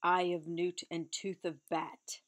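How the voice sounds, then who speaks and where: A weary old wizard chants his rhyming spells in a low, unhurried voice, as a woman reads him aloud. The chant is sing-song and steady, the low tone never rushed.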